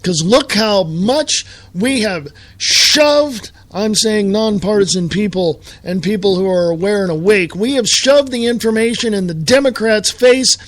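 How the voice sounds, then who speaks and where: High-voiced man ranting. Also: measured pace, few pauses. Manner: heated, sarcastic, rhetorical questions. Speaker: live show host. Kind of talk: political rant monologue.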